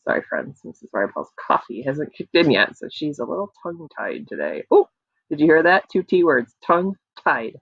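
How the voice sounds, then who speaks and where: A young woman teaching young children a phonics lesson online, in a slow and encouraging sing-song voice, recorded on a computer mic at home. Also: low-pitched, sing-song, gravelly, breathy edge, dry recording. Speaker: kindergarten teacher. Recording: dry, dull lo-fi computer audio.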